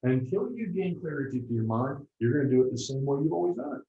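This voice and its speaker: Male motivational speaker, lively, keeps asking the group if they're with him; roomy, muffled room sound. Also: medium pitch, fast talker. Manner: animated, keeps checking in with the audience. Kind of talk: motivational seminar talk to a live group. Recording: roomy, dull lo-fi room recording.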